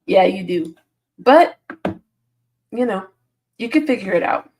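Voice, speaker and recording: Sleepy and yawning in the early morning, a woman who hosts a football channel reads her live chat aloud and replies with plenty of laughter. She talks a little slowly, with a medium-pitched, expressive, darkish voice, and there is slight background noise.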